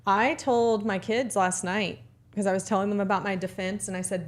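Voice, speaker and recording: Casting: upbeat woman in her thirties, co-host, easy laughter, mid pitch. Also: steady tone, moderate pace. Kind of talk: casual chat on a live show.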